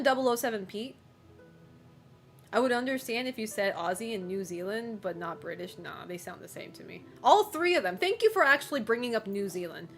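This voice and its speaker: A woman's voice: medium pitch, a bit bright. A woman streamer chatting casually with her live chat, teasing viewers, swearing freely, and laughing often.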